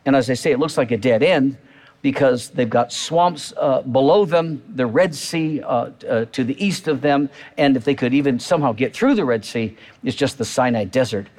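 A man's voice: moderate pace, a little mellow. A man preaching a sermon in a conversational way, full of fillers and restarts, acting out quoted voices. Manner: acts out quoted voices with rising pitch. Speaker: pastor.

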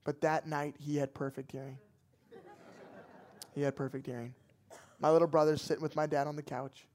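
A young man, a pastor, telling a personal story in a lively, dramatic sermon. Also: fairly high pitch, normal speed.

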